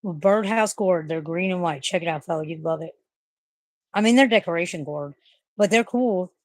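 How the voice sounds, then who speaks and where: A woman's voice: fairly low pitch, normal speed, dry recording. A woman chatting casually and rambling to her viewers from her bedroom, swearing freely and cooing at her pets. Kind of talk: casual livestream chat. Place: bedroom at home.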